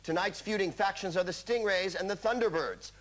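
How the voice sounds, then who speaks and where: A man's voice: high-pitched, a little fast. A man hosting a comic quiz show, delivering scripted jokes with a wry punchline style. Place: TV studio with a live audience. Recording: broadcast studio with loud audience noise.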